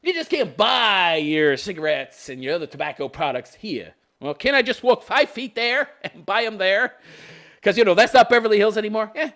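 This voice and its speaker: A man with a high, lively voice rants through a news commentary. He scoffs, swears freely and laughs at what he reads, with pitch that leaps around as he mocks. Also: moderate pace. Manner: sarcastic, profane, scoffing laughs. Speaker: podcast host.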